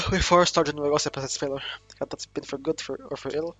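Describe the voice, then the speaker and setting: A man's voice: on the high side, fast talker, bright, forceful tone, soft background music. A man reading a visual novel aloud for a let's play, voicing every character himself in a casual way and often stumbling and correcting his words. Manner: reads all the characters himself with little voice change, stumbles and self-corrects. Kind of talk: casual read-aloud of game text with asides.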